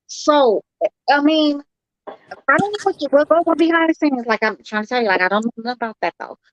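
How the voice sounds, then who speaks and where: A woman in casual podcast chat, hesitant and halting, with many fillers as she makes her point. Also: high voice, lively intonation, dry recording. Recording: dull dry lo-fi sound.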